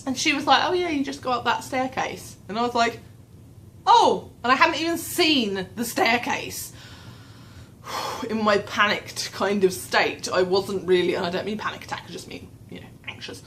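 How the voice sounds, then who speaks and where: In a casual storytelling vlog, a young woman mocks herself while rambling through a long tale, voicing her anxious inner thoughts with animation. She speaks at a moderate pace in a medium pitch; the recording is low quality with a little background noise.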